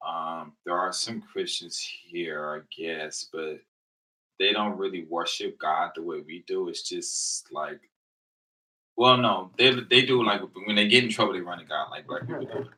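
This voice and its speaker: Casual vlogger, man, low voice with a sharp bright edge, chatty storytelling, mic a bit distant. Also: measured pace. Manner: loose rambling storytelling with quoted dialogue. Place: living in Japan.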